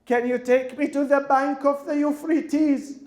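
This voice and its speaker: A man's voice: fairly even intonation, a little slow, darkish tone, roomy sound. A frightened little girl pleads in a raised, strained voice, as a male preacher puts her on. The voice sits well above the storyteller's own. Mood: pleading. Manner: pleading, voice pushed up high.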